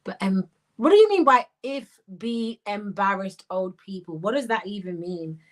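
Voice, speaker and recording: Animated woman a lilt. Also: medium pitch, moderate pace. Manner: animated, slips into patois, bursts of laughter. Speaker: life coach and commentator. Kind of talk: livestream commentary reading comments.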